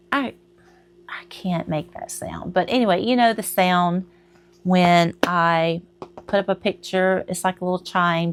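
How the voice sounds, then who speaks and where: A woman's voice: lowish voice, smooth. A middle-aged woman, chatting casually to camera at home, rambling and laughing at herself. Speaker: crochet vlogger.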